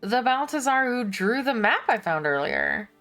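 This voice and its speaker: A cheerful young merchant girl voiced by a woman talks brightly and eagerly. Her voice sits a little higher and louder than the woman's plain speaking voice. It is read aloud during a video game stream. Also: very animated, moderate pace, soft background music.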